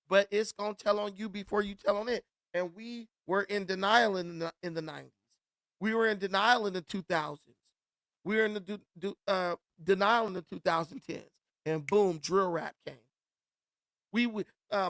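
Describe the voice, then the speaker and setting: A man's voice: sits high, normal speed, fairly bright tone, no echo. Blunt, emphatic man in a dry room. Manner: emphatic storytelling with a repeated refrain; slangy, blunt and profane. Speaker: commentary channel host. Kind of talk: commentary monologue.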